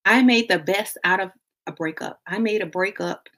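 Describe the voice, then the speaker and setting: A woman's voice: lowish voice, moderate pace, fairly bright tone. A woman giving blunt, playful relationship advice in a casual monologue. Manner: blunt and playful, acting out quotes with laughs.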